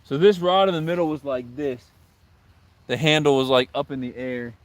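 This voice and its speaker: A man's voice: medium pitch, moderate pace, dry recording. A young man on a casual fishing stream, exasperated, repeating himself and talking to his chat outdoors by the water.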